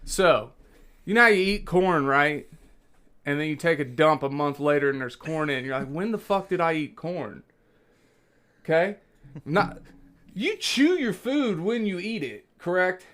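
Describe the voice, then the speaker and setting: A man's voice: a little high, moderate pace, a bit bright. Laid-back joking male podcast host. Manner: laid-back, joking, says "dude" and "like" a lot. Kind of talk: casual podcast chat.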